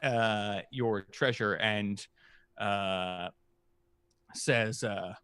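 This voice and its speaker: A man narrating as game master of a tabletop game, his voice bright and lively, rising and falling a lot. He talks in an unhurried, halting way full of fillers, recorded dry on a close mic. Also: mid-range voice, dry recording. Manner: halting, many "uh" fillers, laughs easily.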